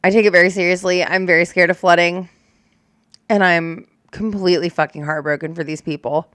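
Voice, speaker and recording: Young woman storm chaser rambling candidly, smooth voice, dry sound, says like a lot. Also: on the low side, fairly even intonation, brisk, a bit bright, no room sound. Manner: candid, emotional, swears, many fillers like "like". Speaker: storm chaser reacting to news clips. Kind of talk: casual reaction chat.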